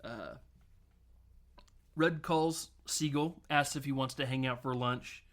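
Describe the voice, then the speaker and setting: A man's voice: medium pitch, steady tone, takes it slowly, fairly bright tone. A man co-hosting a film podcast, recapping scenes in casual chat, laughing often and acting out lines in put-on voices. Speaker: podcast co-host.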